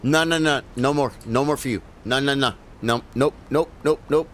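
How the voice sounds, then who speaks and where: A man voicing a disapproving middle-aged father who scolds his child with quick repeated refusals. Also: medium pitch, a little hiss or hum, voice pushed up, natural voice. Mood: scolding.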